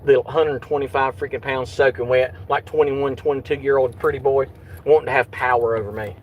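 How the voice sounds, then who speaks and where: A middle-aged man talks agitatedly and swears while chatting in a vehicle, loudly acting out what others said. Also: medium pitch, steady tone, brisk, muffled recording, slight background noise. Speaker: YouTube channel host. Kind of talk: casual vlog chat in a car.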